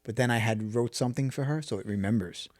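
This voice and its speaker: A man's voice: mid-range voice, quick pace, a little mellow, no echo, clean studio sound. A man co-hosting a podcast, telling stories in casual chat and asking "you know what I mean". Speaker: podcast co-host.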